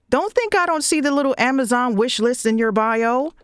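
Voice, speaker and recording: A woman's voice: sits high, expressive, normal speed, hardly any pauses, clear, resonant tone, no room sound, studio quality. A woman VTuber ranting bluntly, swearing often and repeating her points. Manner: blunt, profane, repeats phrases. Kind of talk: ranting monologue.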